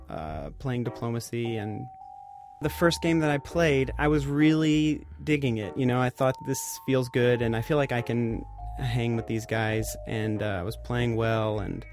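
A man's voice: medium pitch, normal speed, music in the background. Rambling man recounting a story. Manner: hesitant, filler-heavy, animated when retelling. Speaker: guest reporter. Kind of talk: casual storytelling.

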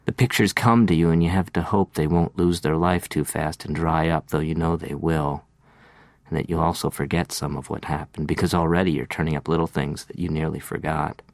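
A man reading a literary first-person monologue, slow and reflective, lingering over details. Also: a bass voice, steady tone, creaky, no room sound.

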